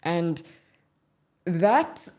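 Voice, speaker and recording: A woman from South Africa with a South African English accent, co-hosting a podcast and talking frankly and in a measured way about her own experience. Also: fairly low pitch, big pitch swings, darkish tone. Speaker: podcast co-host. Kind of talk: candid conversational podcast chat.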